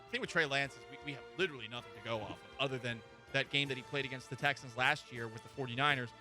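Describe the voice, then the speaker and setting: Bright-voiced sports radio host. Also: male voice, mid-range voice, very fast, faint music behind. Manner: opinionated, joking. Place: radio studio.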